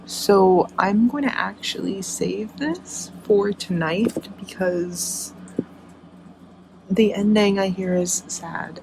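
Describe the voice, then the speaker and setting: A young woman who runs a book vlog talks about the book she's reading, her lowish voice creaky against a noisy background. She gushes emotionally and casually, with frequent fillers.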